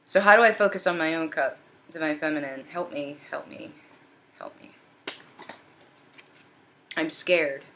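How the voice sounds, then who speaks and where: A desperate, anxious man keeps pleading for help, as a woman channels him in a tarot reading. The voice stays low and sinks toward a near whisper, repetitive and worn down. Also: a little slow, pauses often, background noise. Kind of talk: channeled first-person voicing in a reading.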